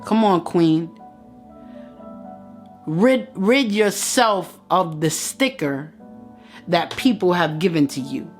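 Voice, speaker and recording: A woman's voice: fairly low pitch, expressive, takes it slowly, pauses often, faint music behind. A woman giving an impassioned motivational address, preaching straight at her listeners and repeating phrases for emphasis. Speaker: motivational speaker.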